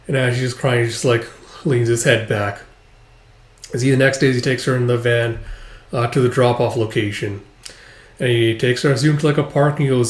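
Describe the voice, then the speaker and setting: A man's voice: mid-range voice, fairly even intonation, normal speed. A man casually recapping a manga chapter aloud, rambling and loose, saying "like" often. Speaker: manga reader and reviewer. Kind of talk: casual read-through recap. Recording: echoey room.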